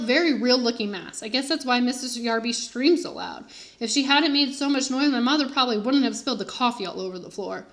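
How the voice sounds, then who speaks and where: Teacher reading a children's book aloud. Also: female voice, a little high. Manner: expressive first-person narration. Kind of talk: storybook read-aloud for children.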